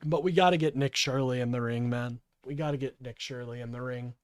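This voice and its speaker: A man's voice: medium pitch, fairly even intonation, a little fast, clean tone, dry recording, clean studio sound. A man in his twenties giving profane, heated reaction commentary on a clip. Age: 20s. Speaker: political streamer.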